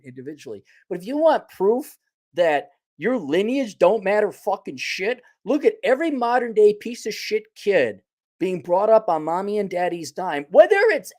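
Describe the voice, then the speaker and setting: A middle-aged man hosting a podcast, delivering a blunt, profane and sarcastic rant. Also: fairly high pitch. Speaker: podcast host. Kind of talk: casual ranting monologue.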